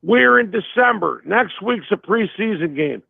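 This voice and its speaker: A man's voice: high voice, expressive, unhurried, creaky, husky, no echo. A man from Delaware calling in to a sports show, ranting emphatically and repeating his points. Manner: fired-up, emphatic, repeats himself. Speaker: caller. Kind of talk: fan call-in rant. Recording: tinny phone line.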